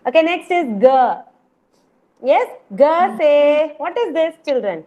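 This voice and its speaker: The recording is very noisy and muffled, from a video call in which a preschool teacher holds an online class. She has an Indian English accent and a high, animated voice, and she speaks unhurriedly while repeatedly calling out encouragement to the children.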